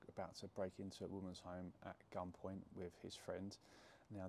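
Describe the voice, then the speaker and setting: A young man tells a story in a chatty, rambling way with plenty of fillers. His voice sits low and has a gravelly edge. A faint hiss runs behind him. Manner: chatty, animated, many fillers and restarts. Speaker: jiu-jitsu gym owner telling a story. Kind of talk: casual storytelling to camera.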